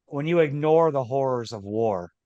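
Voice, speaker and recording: A man co-hosting a casual podcast chat, excitable and laughing often, trailing off and restarting. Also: mid-range voice, moderate pace, dry recording, muffled recording. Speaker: podcast co-host.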